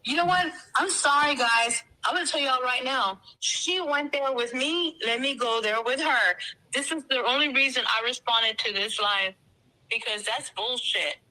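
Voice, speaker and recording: Texan woman caller, high and bright, heated and repetitive. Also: normal speed, rough recording. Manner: swearing, repeats herself. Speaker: caller on a live stream. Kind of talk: emotional casual storytelling.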